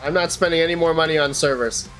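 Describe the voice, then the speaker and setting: A man's voice: on the high side, fast talker, a bit bright, faint music behind. A man hosting a casual livestream, chatting to viewers as he tests hardware. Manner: chatty, talks to viewers while working on hardware. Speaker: livestream host.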